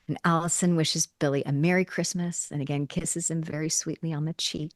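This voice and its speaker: A woman's voice: sits low, fairly even intonation, brisk, few pauses, no room sound, clean studio sound. A woman co-hosting a podcast, animatedly recapping a TV episode in casual chat and laughing often. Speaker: podcast co-host.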